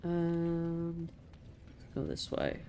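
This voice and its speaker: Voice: mid-range voice, big pitch swings, very slow, warm tone, faint music behind. A streamer talking through a game, chatty and exasperated, swearing and laughing at it. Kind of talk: live game stream commentary.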